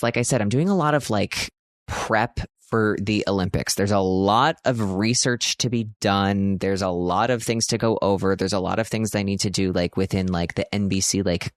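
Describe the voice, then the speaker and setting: A man's voice: fairly low pitch, fairly even intonation, moderate pace, no echo, clean studio sound. A man in his thirties hosting a casual, rambling monologue, chatty and self-mocking, full of "like" fillers. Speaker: podcast host.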